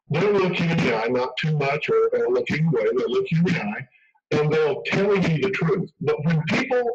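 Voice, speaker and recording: A man speaking as an expert guest in a radio interview, emphatic and conversational, acting out quoted lines. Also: fairly high pitch. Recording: dull radio broadcast from far off.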